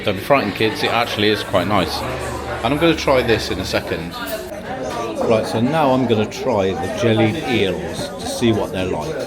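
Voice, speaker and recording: Lowish and animated at a normal speed, a travel vlogger's voice carries his casual narration as he samples food at a busy outdoor market. His humour is dry and understated, set against loud crowd noise and music.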